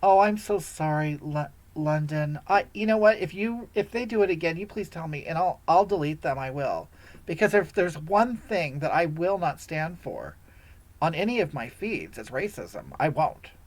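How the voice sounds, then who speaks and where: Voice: medium pitch, animated, normal speed, lightly acted. A performer voicing a sanctimonious, self-righteous woman who hosts a livestream and lectures her viewers, sighing heavily between scoldings. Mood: gushing. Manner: preachy, lecturing, scolding, with heavy sighs. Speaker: livestream host answering viewer comments. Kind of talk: satirical character livestream.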